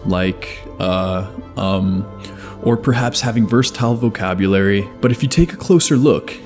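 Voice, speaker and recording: A man narrating a scripted video essay in a measured, even explanatory way. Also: mid-range voice. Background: faint background music.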